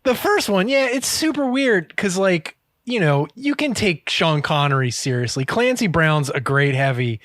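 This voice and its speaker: A man's voice: high voice, sing-song, moderate pace, few pauses, fairly bright tone, no echo. Male podcast host, loose and jokey, dry close-mic sound. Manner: joking, swearing, drops into silly impressions. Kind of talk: casual comedic chat.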